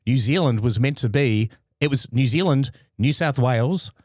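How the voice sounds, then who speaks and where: Playful podcast co-host. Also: male voice, medium pitch, darkish tone, no echo, studio quality. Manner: playful, quick banter. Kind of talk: casual podcast chat.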